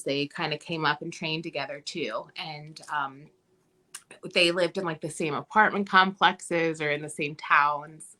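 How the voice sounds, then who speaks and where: A woman guest telling family stories in a casual interview, chatty with many pauses and fillers. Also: sits low. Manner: chatty, many ums, animated when quoting.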